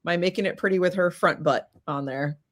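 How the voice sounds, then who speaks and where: A woman guest telling a story in casual chat, animated and acting out the voices of people in it. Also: lowish voice, fairly quick. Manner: animated, acts out quoted voices. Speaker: podcast guest.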